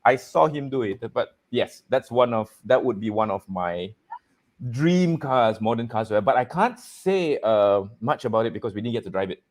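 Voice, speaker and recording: A man's voice: medium pitch, moderate pace. Jokey man hosting a chat. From Malaysia. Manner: animated, jokey, laughs often. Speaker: host. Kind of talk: casual chat show.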